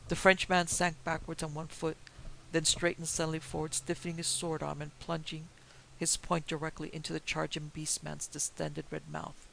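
A man reads a horror story aloud in a measured, even way. His voice is deeply gravelly and sits slightly high, with little rise and fall. A faint hiss runs under the recording. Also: low-quality recording. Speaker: narrator. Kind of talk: storybook narration of a pulp horror tale.

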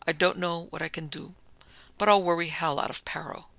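A man's voice: on the high side, steady tone, brisk, gravelly, pushed and bright, no echo. A man voicing a hard, grim detective who talks tersely.

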